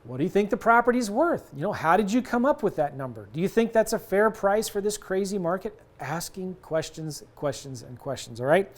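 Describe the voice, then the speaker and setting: This middle-aged man teaches real estate investing, coaching on deals in a casual, conversational style and acting out both sides of seller calls. His voice is high and expressive, a little fast, with few pauses.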